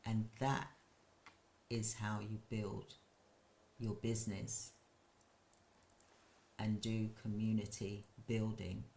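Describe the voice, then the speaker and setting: Man, care business owner, hosts a casual live stream, slow and gravelly, halting delivery. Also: on the low side, completely flat delivery, warm tone, slight background noise.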